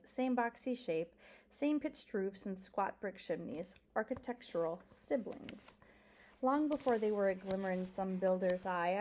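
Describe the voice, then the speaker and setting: Woman teacher, reading a children's novel aloud, expressive, sometimes whispering, middle pitch. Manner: expressive, dropping to a whisper at times.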